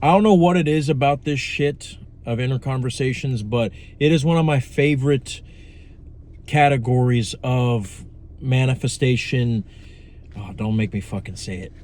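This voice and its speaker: A man's voice: mid-range voice, darkish tone, a little hiss or hum. A young man giving a casual, profane, rambling talk on manifestation, blunt and full of asides. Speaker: manifestation coach. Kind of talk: casual monologue to camera.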